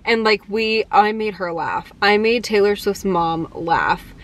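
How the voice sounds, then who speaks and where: A woman's voice: medium pitch, measured pace. Chatty young woman telling stories. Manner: excited, chatty, many "like" and "um" fillers. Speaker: vlogger. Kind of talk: casual storytelling to camera.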